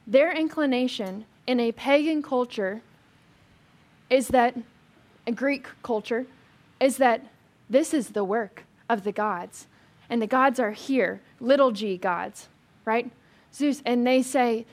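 A woman with a somewhat high voice leads a casual Bible teaching for a group in front of her. She talks in a chatty, animated way, full of "like" fillers, and drops in humorous asides as she explains the passage. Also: slow pace.

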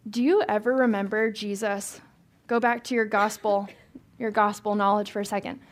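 A woman's voice: medium pitch, fairly even intonation, normal speed. A young woman leading a casual Bible study, talking informally, asking the group questions and laughing easily.

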